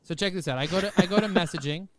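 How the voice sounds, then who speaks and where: A man talking as a podcast guest over a video call, high-energy and jokey, full of rhyming catchphrases. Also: rapid-fire, noisy background. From United States.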